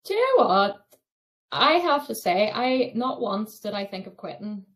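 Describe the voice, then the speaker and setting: A woman's voice: mid-range voice, sing-song, a little slow, a bit bright. Young woman, podcast guest, chatty storyteller who laughs a lot. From Ireland. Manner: chatty, laughs often, many fillers. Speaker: podcast guest, thru-hiker. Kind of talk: casual storytelling interview.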